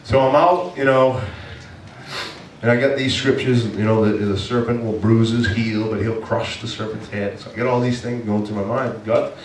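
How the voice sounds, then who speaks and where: A man from Maine preaching a sermon as pastor, telling a hunting story in an animated way and breaking into loud exasperated shouts. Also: lowish voice, moderate pace. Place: church sanctuary. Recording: echoey church hall, from a distance, faint noise.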